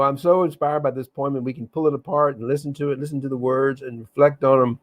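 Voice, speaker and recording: A man hosting a reflective online session, talking in an earnest, halting way with restarts, then reading a poem aloud slowly. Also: on the high side, a little mellow. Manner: reads slowly with long pauses. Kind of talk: casual live talk and slow poetry reading.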